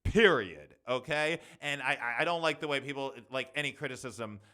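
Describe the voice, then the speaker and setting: A young man hosting a solo podcast, talking fast and rambling with lots of fillers and restarts. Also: mid-range voice, expressive, pushed and bright. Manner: fast, rambling, talks quickly with many fillers. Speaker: podcast host.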